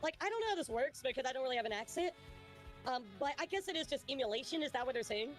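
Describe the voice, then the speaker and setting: A woman streamer, a native Russian speaker, talks quickly in a fairly high voice. She answers her chat casually as she reads it and keeps a chatty livestream flow going. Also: expressive, over music. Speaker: VTuber streamer.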